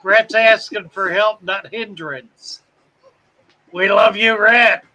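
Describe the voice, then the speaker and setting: A man's voice: sits high, little pitch movement, a little slow, bright, forceful tone, rough recording. A man from South Carolina, hosting a live fish-keeping stream and chatting as he reads out viewer comments. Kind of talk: casual live-stream chat reading comments.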